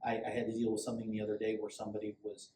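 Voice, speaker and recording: A man's voice: on the low side, monotone, racing. A middle-aged man, a police sergeant, giving a casual safety training talk in a conversational, rambling way with frequent restarts. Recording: echoey room, faint background hum.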